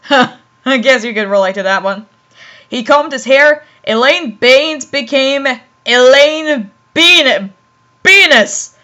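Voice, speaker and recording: High, bright, giggly woman reading fan fiction. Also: animated, takes it slowly. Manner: giggly, laughs often, stumbles over words.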